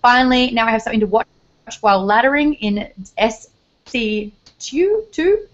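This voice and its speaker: Aussie woman host, giggly and upbeat, slightly high, dull stream audio. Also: lively intonation, moderate pace. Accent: Australian. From Australia. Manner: bubbly, giggly. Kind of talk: casual live-stream chat.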